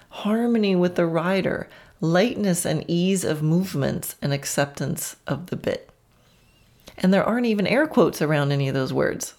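A woman hosts her own horse-training podcast, talking through ideas in a relaxed, reflective way and laughing often at herself. Her voice sits notably low for a woman, warm and conversational. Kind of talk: solo podcast talk.

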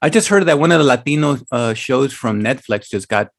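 A man's voice: mid-range voice, animated, a little fast, vocal fry, no echo, studio quality. A Chicano man co-hosting a podcast in casual chat, mixing in Spanish and putting on voices. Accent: Chicano English. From United States. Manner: switches into Spanish, lots of mock voices. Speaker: podcast co-host.

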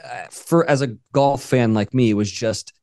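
A man's voice: mid-range voice, normal speed, darkish tone, no room sound, clean studio sound. Upbeat joking man on a podcast. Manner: upbeat, joking, enthusiastic storyteller. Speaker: podcast co-host. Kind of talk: casual chat.

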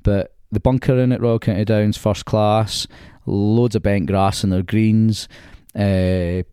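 Chatty golf guy, low mellow smooth voice, lots of restarts, dry close sound. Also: level tone, slow pace, no room sound. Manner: chatty, laughs often, stammering restarts. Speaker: golf links manager, podcast guest. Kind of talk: casual golf chat.

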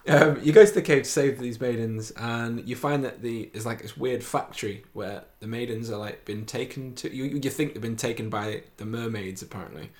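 A man's voice: mid-range voice, moderate pace, hardly any pauses. Rambling man chatting on a podcast. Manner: rambling, laughs often. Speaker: podcast co-host. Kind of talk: casual podcast chat.

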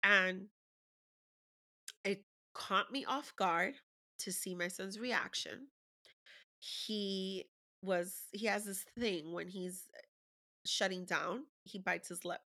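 A woman's voice: mid-range voice, slow, pauses often, sharp tone. A woman candidly telling a personal parenting story in conversation, openly emotional and swearing freely.

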